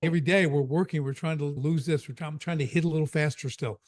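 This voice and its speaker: A middle-aged business coach from the Chicago area, USA, talks in a casual podcast conversation with a fairly high-pitched voice, a steady tone and a quick pace. He's emphatic, tells stories, repeats key points and often checks in with "right?" The studio-quality recording has no echo.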